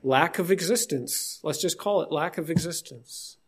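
A man's voice: fairly high pitch, normal speed, slightly rough. A man preaching an informal sermon in a conversational, emphatic way.

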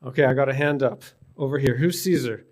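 A man's voice: medium pitch, fairly quick, darkish tone. A man from British Columbia preaching a sermon in a conversational way, asking his congregation rhetorical questions. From British Columbia, Canada. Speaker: pastor. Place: church in Newfoundland.

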